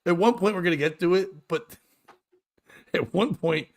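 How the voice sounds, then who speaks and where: A man's voice: sits high, a little slow. A man hosting a casual comedic chat show, reading out texts, mocking them crudely and laughing often. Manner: reads out texts and riffs on them. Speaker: host.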